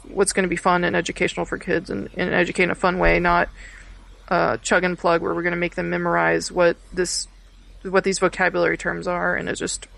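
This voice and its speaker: A woman's voice: fairly low pitch, monotone, brisk, gravelly, fairly bright tone. A young woman, chatting casually and rambling through many fillers and restarts. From Texas. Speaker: podcast guest, art education student. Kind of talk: casual chat.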